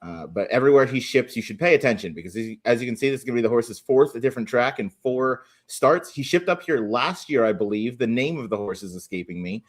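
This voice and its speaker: A man's voice: medium pitch, expressive, fast talker, hardly any pauses. A man appearing as a guest on a racing podcast, thinking aloud as he breaks down the races and hedges his opinions. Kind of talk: casual analytical chat.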